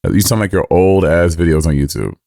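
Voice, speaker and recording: A man's voice: sits low, brisk, creaky, warm tone, dry recording. Sassy campy man, dry sound. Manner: campy, teasing, sassy slang. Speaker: podcast co-host. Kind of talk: casual chat.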